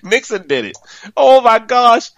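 Animated brash man in casual chat. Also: a little high, fairly quick, no echo. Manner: brash, animated, swears freely. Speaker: podcast co-host.

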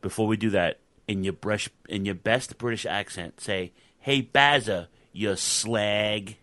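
A man's voice: fairly low pitch, measured pace, sharp tone, no echo. A man co-hosting a casual wrestling podcast, joking and prodding the others into the mic. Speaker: podcast co-host. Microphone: studio microphone.

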